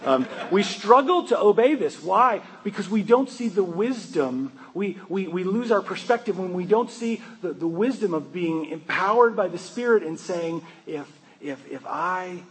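A man's voice: high voice, lively intonation, normal speed, few pauses, rough recording. A man preaching a sermon in a conversational, joking way, often asking his listeners questions. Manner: conversational, humorous, asks the congregation questions. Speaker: pastor.

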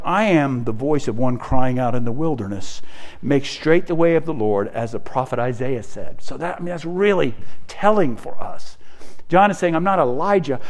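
A middle-aged man preaching a sermon, animated, acting out scripture quotes and often repeating words as he thinks. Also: mid-range voice.

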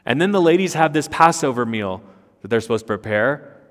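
A male pastor delivers an expository sermon in a mid-pitched voice. He talks emphatically, stacking rhetorical questions and doubling words. The sound carries the long reverb of a large church hall. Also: animated, a little fast.

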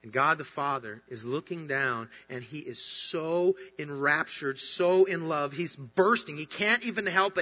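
This pastor speaks in a slightly high male voice, unhurried and with few pauses, delivering an earnest, emphatic sermon that swells with bursts of excitement. The sound is dull, and a long hall reverb trails behind it.

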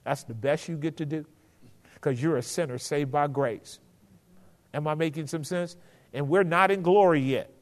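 A man's voice: fairly high pitch, moderate pace, long reverb tail. A man teaching scripture to a group in a conversational sermon, often checking that his listeners follow him and rising in force when he quotes verses. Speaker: pastor teaching a Bible study.

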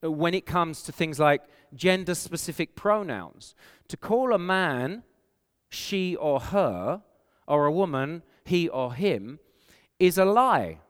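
A man's voice: fairly high pitch, expressive, takes it slowly, clear, resonant tone, big-room sound. A man with an English accent, preaching a sermon as a pastor, earnest and emphatic, posing rhetorical questions to the congregation. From England.

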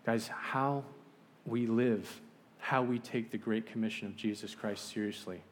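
A man giving a sermon as a missionary preacher, telling a story with acted-out voices and ending in a quiet prayer. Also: fairly low pitch, steady tone, measured pace, slight background noise.

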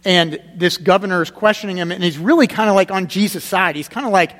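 A man preaching a sermon as pastor, conversational and emphatic, repeating his key points and dropping to a quiet, grave tone. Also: high voice, brisk, few pauses, big-room sound.

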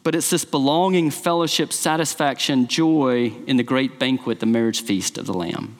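A man's voice: mid-range voice, moderate pace. A man preaching a sermon as pastor, impassioned, often lifting his voice to quote scripture with emphasis. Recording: long hall reverb.

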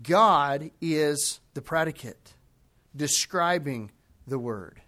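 A man delivers a sermon in a fairly high voice. He talks emphatically and stretches out the phrases he wants to drive home. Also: animated, bright, forceful tone. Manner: emphatic, slows down to stress key phrases. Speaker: preacher.

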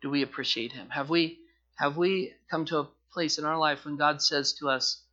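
A male pastor preaching in a church sanctuary, his raised, bright voice carrying the sermon. He swings between forceful emphasis and hushed, pleading passages. The recording sounds dull and muffled. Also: on the high side, steady tone, normal speed.

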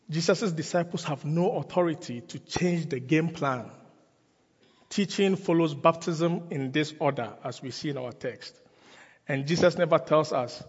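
Male pastor, emphatic sermon, husky tone, church hall with long reverb. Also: fairly high pitch, muffled recording. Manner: slow, emphatic preaching with repeated phrases.

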